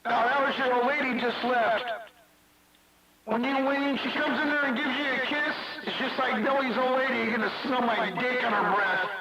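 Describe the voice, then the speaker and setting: High-voiced guy trash talking on cb radio, sounds far off and super echoey, lots of hiss. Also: normal speed. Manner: mocking, taunting, repeats himself. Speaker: CB radio operator. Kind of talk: taunting radio banter.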